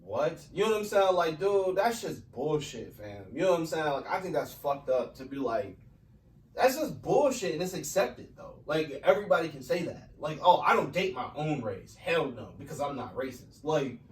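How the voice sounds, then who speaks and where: Animated man in an echoey room. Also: fairly high pitch, normal speed. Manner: animated, profane, many "you know what I'm saying". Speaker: podcast co-host. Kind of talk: casual chat. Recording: echoey room, mic at a distance, faint noise.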